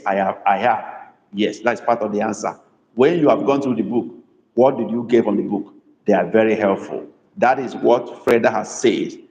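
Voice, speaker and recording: A man teaching a live online language class, patiently repeating words slowly and calling on students by name. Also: medium pitch, darkish tone, highs cut off. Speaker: language tutor. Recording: echoey room with long reverb.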